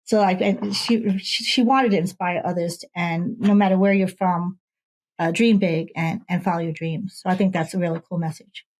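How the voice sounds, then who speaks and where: Animated woman author telling a story. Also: on the low side, moderate pace, low-quality recording. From Ohio. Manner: animated storyteller, acts out quoted voices. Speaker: author and guest. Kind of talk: casual interview storytelling.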